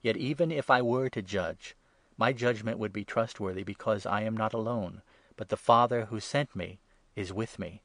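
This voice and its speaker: A man reading the words of Jesus as a solemn male teacher in a measured way, louder and higher on key phrases. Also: no room sound, natural voice. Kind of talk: scripture reading.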